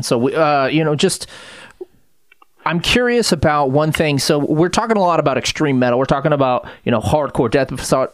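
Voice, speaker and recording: A man's voice: medium pitch, no room sound. A man hosting an interview, asking questions in a friendly, encouraging way. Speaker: interview host. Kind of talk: casual interview chat.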